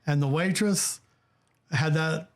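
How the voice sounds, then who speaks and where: This podcast host, a man from Dayton, Ohio, has a voice a little high for a man and keeps the chat relaxed. He speaks in halting bursts, restarts often, and swears casually.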